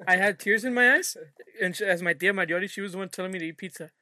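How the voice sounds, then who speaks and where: A young man chatting on a podcast with friends, his voice pitched high and ringing bright. He tells stories with animated energy and slips into the voices of the people he quotes. The sound is close and dry. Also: very fast, no room sound. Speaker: podcast co-host. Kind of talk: casual chat.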